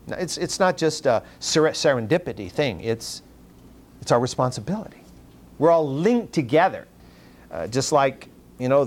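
A man preaching a sermon, animated, often climbing high in pitch for emphasis and repeating words as he restarts phrases. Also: slight background noise. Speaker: pastor.

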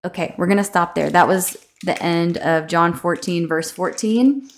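A young adult woman hosting a devotional podcast, chatting casually with many fillers and slowing down to read scripture aloud. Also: on the low side. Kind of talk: casual devotional reading and reflection.

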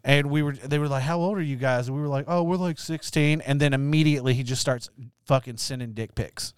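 A man's voice: mid-range voice, steady tone, quick pace, clear, resonant tone, no echo, clean studio sound. A man who works as a comedian, chatting casually on a podcast with constant "like" fillers and playful bragging. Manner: filler-heavy, uses "like" constantly, playful boasting. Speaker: comedian co-host. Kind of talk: casual chat.

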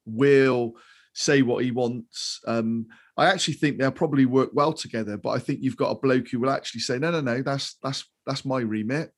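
A man chatting earnestly about football, often repeating words as he starts a thought. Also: mid-range voice. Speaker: football show pundit. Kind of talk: casual football chat.

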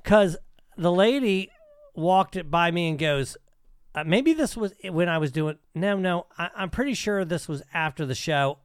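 High-voiced man in casual profane chat. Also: expressive, clear, resonant tone, dry recording, clean studio sound. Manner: profane, rambling, quick restarts. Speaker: podcast host.

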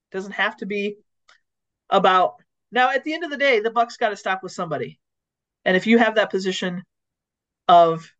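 A woman co-hosting a casual podcast conversation on leadership, telling stories and acting out what people said. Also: mid-range voice. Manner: animated storyteller who acts out quoted lines. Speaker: podcast co-host. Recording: dull lo-fi audio.

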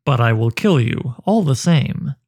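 A man's voice: medium pitch, expressive, measured pace, darkish tone, breathy edge. A man voicing a proud, enraged monstrous male beast who speaks in a defiant, proclaiming manner in a storybook reading.

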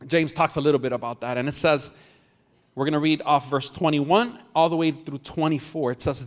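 Jokey pastor in a reverberant hall. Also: male voice, mid-range voice, a little fast. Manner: jokey, chats with the congregation. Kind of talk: sermon with storytelling. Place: church hall.

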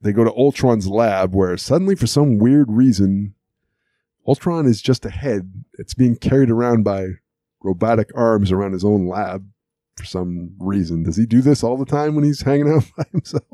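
A man's voice: on the low side, normal speed, dark tone, no echo, studio quality. A man co-hosting an audio podcast, chatting and laughing as he recaps a cartoon episode. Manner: chatty, amused, laughs often while recapping. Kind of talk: casual chat.

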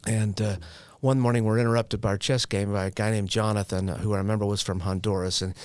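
A man's voice: fairly low pitch, level tone, fast, a little mellow, no echo. A man in his forties, a guest telling his recovery story in a frank, self-deprecating way with wry humor and slangy asides. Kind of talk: candid personal storytelling.

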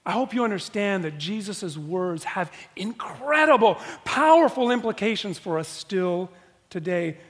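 A man preaches in a church with a very high-pitched voice. He drives his points home by repeating key phrases and pausing for effect. The sound rings with the long reverb of a church hall. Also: expressive. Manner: emphatic, repeats key phrases with dramatic pauses. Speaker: pastor. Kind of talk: sermon.

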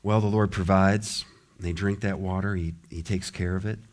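A man preaching a sermon in a church, lively and often acting out the voices of a grumbling crowd. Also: low voice, moderate pace. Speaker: pastor. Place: church sanctuary.

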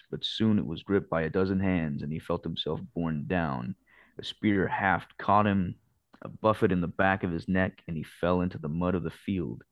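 A man co-hosting a podcast, reading a novel aloud in steady narration. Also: deep voice, no room sound, dull audio. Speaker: podcast co-host.

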